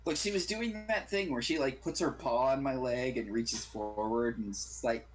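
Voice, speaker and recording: A man running a tabletop game as game master, relaxed and rambling, often correcting himself mid-sentence. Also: mid-range voice, moderate pace, rough recording.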